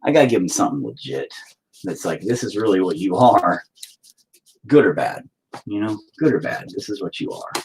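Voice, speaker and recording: A man's voice: low-pitched, lively intonation, moderate pace, a little mellow, rough recording. Young guy rambling and cussing while he paints, voice jumps all over, a little hiss behind. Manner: crude, rambling, jokey, swears a lot. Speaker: painter streaming his work. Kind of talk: casual painting chat.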